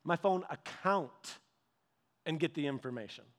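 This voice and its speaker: A man preaching a sermon, telling stories with lively repetitions and restarts. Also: fairly high pitch, measured pace. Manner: animated storytelling with repetitions and restarts. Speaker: pastor. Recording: long hall reverb.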